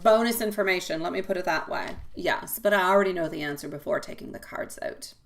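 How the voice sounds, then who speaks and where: A woman's voice: on the low side, brisk, gravelly. A woman reading tarot on a live stream, chatting with viewers and calling them sweetie and my love, rambling and repeating herself. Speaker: tarot reader.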